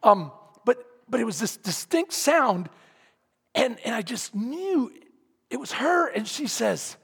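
High-voiced husky man preaching in a hall. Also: slow. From San Antonio, Texas. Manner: animated storytelling, bursts into shouts, then drops quiet and earnest. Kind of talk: sermon storytelling. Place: large hall, speaking to a congregation. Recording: long hall reverb.

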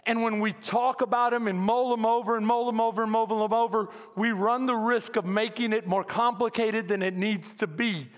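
A man with a very high voice and a Texan accent preaches to his congregation, telling funny stories and acting out both sides of conversations. He keeps asking for amens as the sound lingers in a long church reverb. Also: steady tone, normal speed, hardly any pauses. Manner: humorous storytelling, acts out dialogue, calls for amens. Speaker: pastor. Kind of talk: sermon.

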